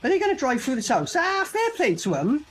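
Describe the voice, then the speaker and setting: A man's voice: very high voice, wildly swooping pitch, brisk, noisy background. A man giving a sarcastic, swearing commentary while a cheap movie plays. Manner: sarcastic, swearing, talks over the film. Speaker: movie reviewer. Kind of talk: casual film commentary.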